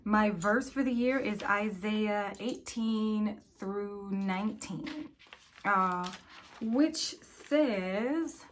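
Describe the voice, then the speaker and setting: A woman's voice: medium pitch, extremely slow. A young woman from West Baltimore with a Baltimore accent, speaking earnestly and emotionally in a personal vlog, trying not to cry. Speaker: vlogger.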